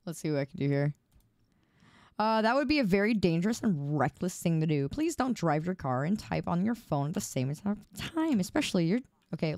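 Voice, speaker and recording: Woman streamer, low-pitched, lively swoops, slow teasing chatter. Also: no room sound. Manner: teasing, giggly, sarcastic. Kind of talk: casual game stream chatter.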